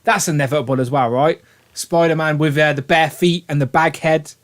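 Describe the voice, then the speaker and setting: A British man hosts a casual live stream, his voice sitting a little high. He rambles along with eager enthusiasm and reads out viewers' names as he goes. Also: fairly even intonation, a little fast. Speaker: livestream host.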